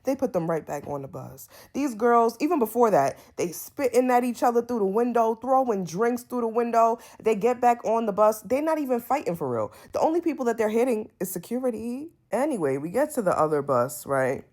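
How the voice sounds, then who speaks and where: Sassy Brooklyn woman reviewing reality TV. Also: a little high. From Brooklyn, New York. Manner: animated, sassy, blunt commentary with quick asides. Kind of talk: casual episode review vlog.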